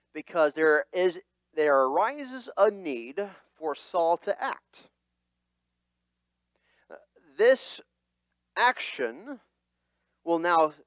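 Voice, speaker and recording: A male pastor preaching to his church with an animated, expressive delivery. His voice is fairly high for a man and swings widely in pitch. He speaks slowly, and the sound is dry and close. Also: no echo. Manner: animated, dramatic voicing of quotes. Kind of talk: sermon.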